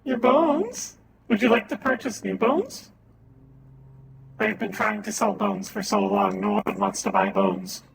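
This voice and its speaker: A woman streamer voicing a small floating metal robot merchant in a VR role-play, deadpan and matter-of-fact. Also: mid-range voice, a little slow, creaky, background noise, heavily acted. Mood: deadpan menace.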